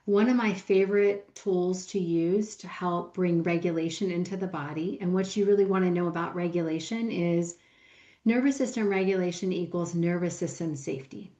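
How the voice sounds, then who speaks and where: A woman's voice: fairly low pitch, steady tone, moderate pace, dark tone, roomy sound. Woman coach on a muffled podcast mic. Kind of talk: casual podcast conversation.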